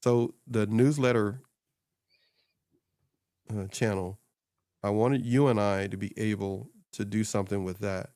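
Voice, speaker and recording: A man co-hosting a casual talk show, rambling and animated, laughing often and putting on voices when he quotes people. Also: lowish voice, measured pace, long pauses, no room sound, studio quality. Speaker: podcast co-host and social media coach. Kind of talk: casual chat. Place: small home studio upstairs.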